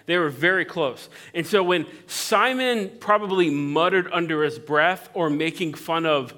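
Male pastor, slightly higher voice, animated conversational sermon delivery. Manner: animated, conversational, acts out voices in Bible quotes.

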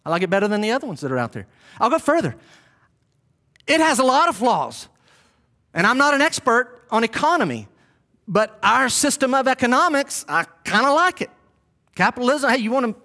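A man's voice: sits high, bright, forceful tone. A man preaching a sermon who speaks to the congregation directly and hammers home key phrases by repeating them. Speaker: pastor.

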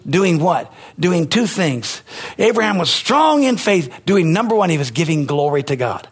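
A male pastor delivering a sermon in an emphatic, call-and-response style. His voice sits fairly high and has a husky edge. He keeps turning to the congregation for answers. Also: very animated, normal speed.

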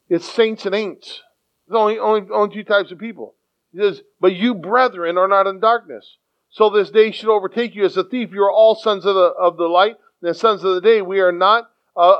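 A man preaching a sermon in an animated way, acting out quoted voices and often repeating his words. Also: sits high. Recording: dull lo-fi sound.

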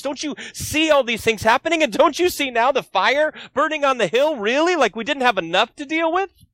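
A man voicing panicked young fishermen disciples who plead and shout questions at their teacher. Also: very high-pitched, no echo, pitched above the performer's own voice.

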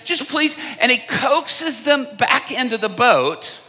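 A man's voice: very high voice, sing-song, takes it slowly, sharp tone, in a large hall. A man preaching a sermon, telling a story with humor at a conference. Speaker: evangelist. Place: large conference hall.

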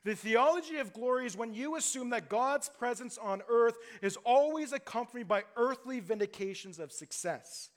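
A man's voice: very high-pitched, lively intonation, moderate pace, hardly any pauses. A pastor preaching a sermon to his church, emphatic and direct, asking his congregation rhetorical questions.

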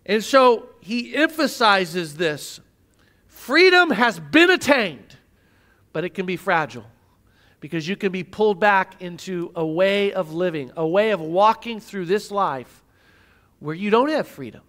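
A man's voice: sits high, animated, a little slow, a bit bright. A male pastor preaching a sermon, teaching emphatically with rhetorical questions.

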